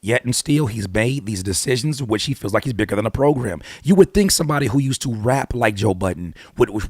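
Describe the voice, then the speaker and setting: A man hosting his own channel, giving blunt, animated hip-hop commentary full of rhetorical questions and casual swearing. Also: fairly low pitch, husky, no room sound, studio quality. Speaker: YouTube host and rapper. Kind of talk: opinionated music commentary.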